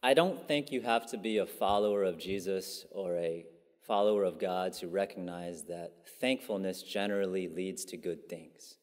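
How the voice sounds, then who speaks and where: A man's voice: deep voice, moderate pace. Man preaching conversationally in a reverberant church. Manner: conversational, many fillers and asides. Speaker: pastor. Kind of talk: sermon. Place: church sanctuary. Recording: long church hall reverb.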